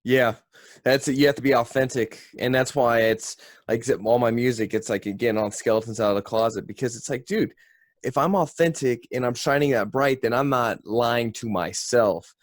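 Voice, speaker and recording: A man's voice: mid-range voice, moderate pace, dry recording, clean studio sound. A man hosting a casual interview podcast, laid-back, dropping like and dude into his speech. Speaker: podcast host.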